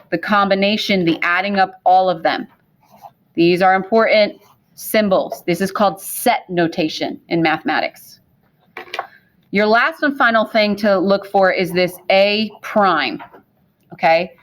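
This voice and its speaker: A woman teaching a math class, speaking to her students, who repeats key points and keeps checking in with questions. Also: mid-range voice. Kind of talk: classroom lecture.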